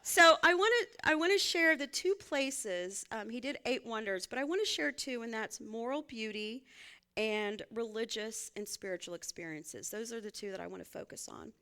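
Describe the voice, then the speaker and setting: Bright, lively woman preaching. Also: a little high, normal speed, clear, resonant tone. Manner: conversational, folksy, laughs often. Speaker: minister. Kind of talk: sermon.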